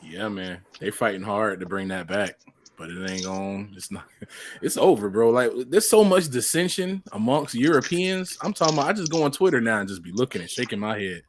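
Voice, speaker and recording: A man on a livestream panel, animated and laughing often as he jokes. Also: lowish voice, normal speed. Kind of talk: casual livestream panel chat.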